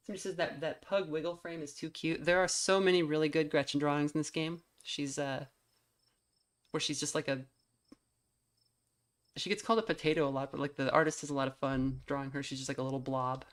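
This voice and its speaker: A woman's voice: sits low, fairly even intonation, fairly quick. A woman streamer, reading a story game aloud and making casual, chatty asides. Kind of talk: game let's play with narration.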